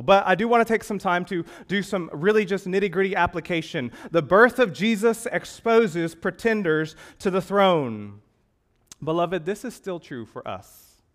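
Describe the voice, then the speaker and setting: A man with a fairly high voice delivers a sermon. He moves from ringing emphasis to near-hushed lines as he puts rhetorical questions to his listeners. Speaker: pastor.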